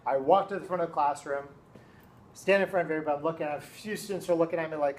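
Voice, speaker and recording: A man in his thirties, a teacher telling a lively story to his class, often checking in with his listeners. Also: a little high, rapid-fire, slight background noise, low-quality recording. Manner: animated, keeps checking in with listeners.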